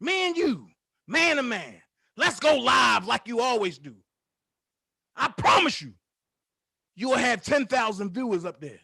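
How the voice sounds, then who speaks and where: A man with a strikingly high voice hosts his own commentary stream, firing off a heated, profane call-out. He taunts and repeats his jabs for emphasis, recorded close and dry with no room sound. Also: big pitch swings, measured pace, vocal fry, long pauses, bright, forceful tone, husky, no echo. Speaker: commentary channel host. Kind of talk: confrontational call-out rant.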